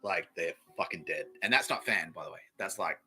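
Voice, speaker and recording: A man's voice: sits low, lively intonation, a little fast, pushed and bright, husky, low-quality recording. A man with an Australian accent hosting a comedy podcast, rambling through a jokey monologue, swearing often and laughing at his own jokes. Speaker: podcast host.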